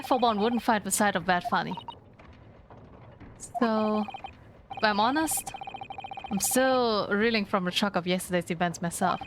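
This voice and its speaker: A woman's voice: medium pitch, noisy background, natural voice. A woman voicing a nervous, earnest young male defense lawyer, close to her own voice. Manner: earnest, hesitant. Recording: game music underneath.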